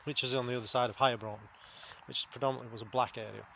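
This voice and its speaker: A man's voice: medium pitch, steady tone, very fast, creaky, fairly bright tone, a little hiss or hum. Blunt, sweary man. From England. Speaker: vlogger. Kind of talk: casual spoken monologue.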